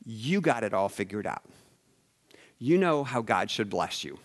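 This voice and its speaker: A man preaching a sermon as a pastor, swinging between loud emphasis and hushed asides. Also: lowish voice, sing-song, a little slow.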